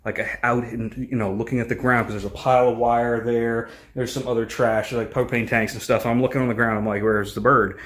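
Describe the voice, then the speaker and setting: A man in his thirties, a family vlogger, telling a long story in a rambling, animated way with lots of fillers. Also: medium pitch, a little fast, hardly any pauses. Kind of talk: casual storytelling vlog.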